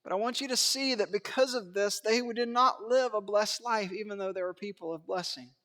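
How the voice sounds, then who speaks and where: Animated man preaching in a reverberant church. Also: high voice, a little fast. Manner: animated, swings between hushed asides and raised emphatic lines; acts out biblical quotes in character voices. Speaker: pastor. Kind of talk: sermon. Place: church sanctuary.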